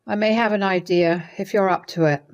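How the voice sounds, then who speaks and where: A woman's voice: medium pitch, fairly even intonation, brisk, lightly acted. A woman voicing a caring middle-aged mother-in-law who speaks hesitantly and soothingly while reading a story's dialogue. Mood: concerned.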